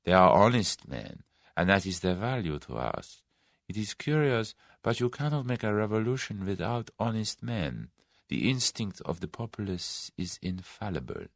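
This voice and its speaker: A man doing a soft, sinister plotter. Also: on the low side, sing-song, moderate pace, creaky, no echo, clean studio sound. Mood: sly. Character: Russian conspirator Boris, sly, cynical man.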